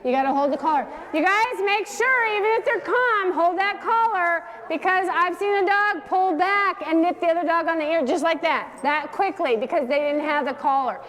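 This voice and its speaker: A woman's voice: extremely high pitch, moderate pace, few pauses, fairly bright tone. A woman dog trainer leading a hands-on class, giving direct instructions and coaxing the dogs in a sing-song. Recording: long hall reverb.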